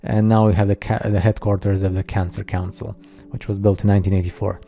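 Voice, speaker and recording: A man narrating a slideshow in a casual, halting way, full of fillers and skeptical asides. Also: lowish voice, flat delivery, gravelly, dark tone. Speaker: video narrator.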